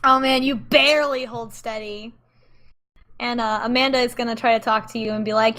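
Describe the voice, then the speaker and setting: Brief: relaxed woman game master, somewhat higher voice, halting delivery. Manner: casual, halting, with many fillers. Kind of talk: narrating a tabletop game.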